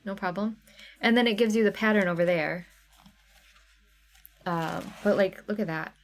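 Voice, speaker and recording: A woman hosting a live craft sale stream. She chats loosely and answers viewers by name as she shows items. Her voice sits at an ordinary middle pitch for a woman. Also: moderate pace. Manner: chatty, reads out viewer names and chat comments. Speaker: livestream sale host. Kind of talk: casual live sale chat.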